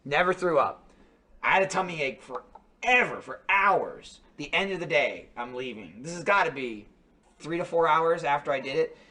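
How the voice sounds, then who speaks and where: Podcast regular, a man: lively pitch, bright tone, rambling comic storyteller. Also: moderate pace. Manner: animated, laughing, swearing, full of "like" and "dude". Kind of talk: casual storytelling chat.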